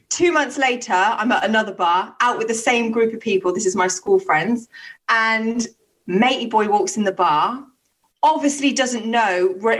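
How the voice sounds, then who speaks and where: A young woman tells a rambling story in casual podcast chat. She swears a lot and trips over her words. Her voice sounds a little distant from the mic. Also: mid-range voice. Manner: animated, swears freely, lots of restarts. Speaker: podcast co-host telling stories.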